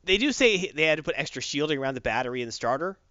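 A man co-hosts a casual podcast, recounting a comic plot with lively, swinging pitch. His voice is bright and fairly high, and the recording sounds dry and a little dull. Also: rapid-fire, clear, resonant tone, no room sound. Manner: animated storytelling, acts out quotes. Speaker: podcast co-host recapping comics. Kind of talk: casual chat.

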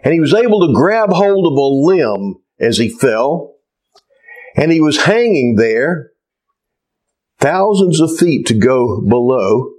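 Slow, lively-voiced man preaching. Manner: unhurried storytelling with lively pitch. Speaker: pastor. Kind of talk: sermon.

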